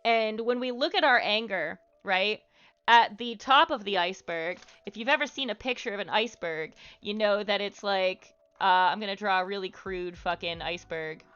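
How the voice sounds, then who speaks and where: A livestream host, a woman of medium pitch, talks at a normal speed in a smooth, fairly bright tone. She offers casual social advice in a rambling, frank way, leaning on "like" and "um" and swearing now and then. Faint music sits beneath the slightly muffled stream sound.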